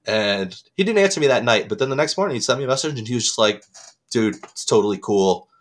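A man co-hosting a podcast, telling a long embarrassing story with lots of swearing, his voice jumping up when he gets excited. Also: mid-range voice, rapid-fire. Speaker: podcast co-host. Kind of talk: casual chat.

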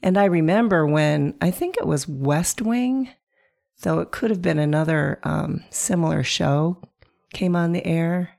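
A woman hosting a reflective solo podcast, calm and coaching, sounding hoarse from a chest virus. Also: low voice, measured pace. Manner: calm, coaching, asks the listener questions. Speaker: podcast host.

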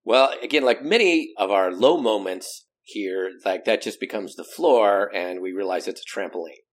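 A man's voice: lowish voice, normal speed. A middle-aged American man, a guest speaker, telling stories in a casual interview and acting out the voices of people he quotes. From United States. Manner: animated, acts out quoted voices.

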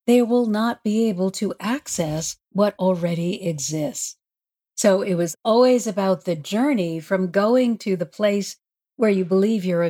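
A woman, a spiritual healer and podcast guest, telling a story in an animated way, often laughing and acting out what people said. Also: mid-range voice. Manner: lively, laughs often, acts out quotes.

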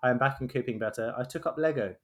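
A man's voice: mid-range voice, rapid-fire, fairly bright tone. A man co-hosting a podcast, talking thoughtfully and often restarting his sentences. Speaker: podcast co-host. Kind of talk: casual podcast chat.

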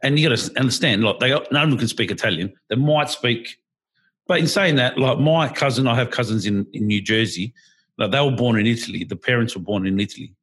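An Australian man with a mid-range, husky voice talks fast in a casual podcast chat. He's animated and rambling, restarting his sentences again and again.

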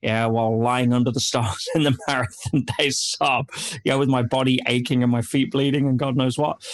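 A man's voice: mid-range voice, fairly even intonation, normal speed, hardly any pauses. A man speaking as an interview guest, telling stories animatedly and dropping in frequent "yeah"s and "you know"s. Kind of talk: interview storytelling.

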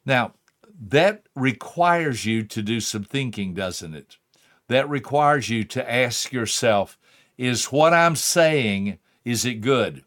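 A middle-aged man speaks in an earnest, storytelling way, sharing life advice in a motivational talk. His pitch sits in an ordinary middle register. He slows down and pleads gently when he wants a point to land. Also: lively intonation. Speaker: speaker and host.

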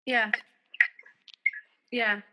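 A woman tells a workplace story in a casual interview. She slips in and out of quoted dialogue to play both sides of an argument. Her delivery is halting, with frequent fillers and restarts. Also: fairly high pitch, flat delivery, bright, forceful tone, poor audio.

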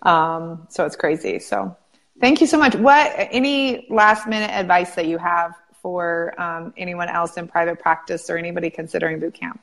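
A woman hosting an interview, telling stories in an animated way and often saying "like". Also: fairly low pitch, moderate pace, gravelly. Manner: animated storyteller, frequent "like". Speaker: interview host, practice coach. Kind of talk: casual interview chat.

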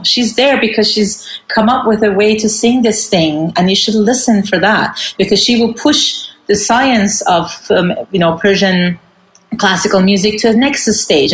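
A woman's voice: on the low side, gravelly, reverberant. A woman in her forties from Iran, a singer speaking earnestly in a casual interview with many fillers and restarts. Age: 40s. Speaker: guest singer. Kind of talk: casual conversation.

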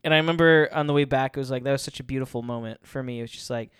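A man's voice: mid-range voice, racing, a bit bright, smooth, no room sound, studio quality. A man giving a casual faith talk. He chuckles often and rambles, restarting his sentences.

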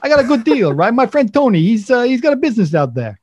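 A man putting on an exaggerated Italian accent to play a boisterous male coffee dealer, with a sing-song, gravelly delivery. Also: extremely high pitch, big pitch swings, quick pace, darkish tone, muffled recording, pitched above the performer's own voice, heavily acted. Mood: hammy, playful. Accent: put-on Italian.

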